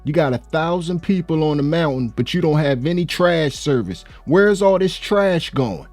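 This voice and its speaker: A man's voice: on the high side, expressive, moderate pace, darkish tone, faint music behind. A man hosting a reaction video, chatting loosely and casually and often saying "man". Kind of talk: casual commentary.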